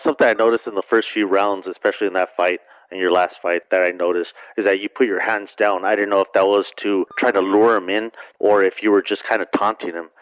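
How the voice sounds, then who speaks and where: A deep-voiced interviewer speaks in a flat, even tone and lets his questions wander. His voice sounds dull and dry, like lo-fi radio. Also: quick pace, few pauses, no echo. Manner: rambling, loosely built questions.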